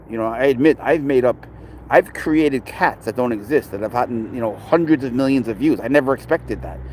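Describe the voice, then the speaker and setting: A man's voice: mid-range voice, a little mellow, slight background noise. A middle-aged man, rambling in casual chat while talking with people and viewers outdoors. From New York. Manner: rambling, chatty, talks to passers-by and chat. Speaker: pet owner vlogger. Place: outdoors at a city dog park.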